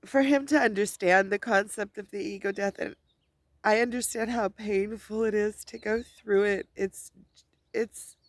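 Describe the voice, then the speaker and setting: A woman's voice: medium pitch, steady tone, unhurried, no room sound. A tearful woman giving an emotional personal monologue for her vlog, outdoors at a scenic spot, rambling and restarting her words. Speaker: spiritual vlogger.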